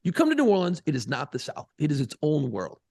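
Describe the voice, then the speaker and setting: A man's voice: on the high side, wildly swooping pitch, fast talker, vocal fry, darkish tone, no echo, clean studio sound. A man from Buffalo, New York, co-hosting a podcast in casual, profane, rambling banter. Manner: profane, rambling, laughs often. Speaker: podcast co-host.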